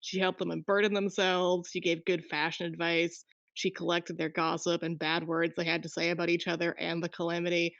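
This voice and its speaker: A woman's voice: fairly low pitch, flat delivery, brisk, creaky, hardly any pauses, fairly bright tone, no echo. Rambling woman player, dry muffled audio. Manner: rambling, full of restarts, laughs often. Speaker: player in a tabletop game. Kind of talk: casual chat explaining her character.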